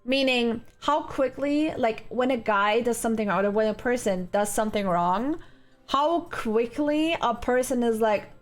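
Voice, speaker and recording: A woman's voice: fairly high pitch, a little slow, faint music behind. A woman livestreaming from home, chatting casually with viewers in a rambling, giggly way full of fillers. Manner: rambling, giggly, thinks aloud with many fillers. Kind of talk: casual chat with live viewers. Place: home, indoors.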